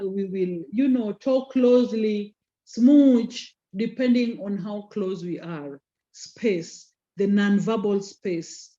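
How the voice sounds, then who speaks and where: A woman teaching a class online, slowing down to stress key terms and teasing students by name. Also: medium pitch, warm tone. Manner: code-switches into Swahili, teasing students by name. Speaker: communication skills lecturer. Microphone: video call. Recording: lo-fi video call audio.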